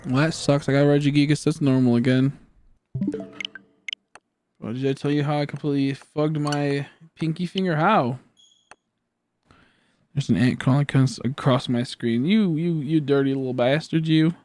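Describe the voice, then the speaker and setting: A man's voice: on the high side, fairly even intonation, moderate pace, long pauses, darkish tone, slight background noise. A young man chatting on a gaming live stream, tired and goofy, with silly joking banter. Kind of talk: casual live-stream chat.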